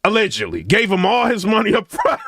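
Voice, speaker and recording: A middle-aged man offers casual reaction commentary in a high voice that swings widely in pitch and has a bright, sharp edge. He's animated and chatty, repeating "you know what I'm saying," and the recording is dry and close with no echo.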